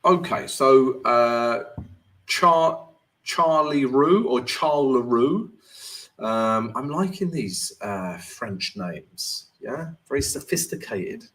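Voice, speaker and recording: A man's voice: medium pitch, expressive, slow pace, fairly bright tone. A man hosting a live-stream Q&A as a forex trading coach, chatty and jokey, constantly checking in with "right?".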